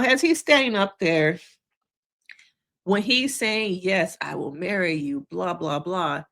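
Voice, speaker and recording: A woman talks to her viewers in a relaxed, conversational reaction style. Her voice sits a little low but swings widely in pitch. She keeps acting out other people's quotes in high, squeaky voices. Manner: conversational, addresses viewers directly. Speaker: therapist reacting to a reality show. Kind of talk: casual reaction commentary.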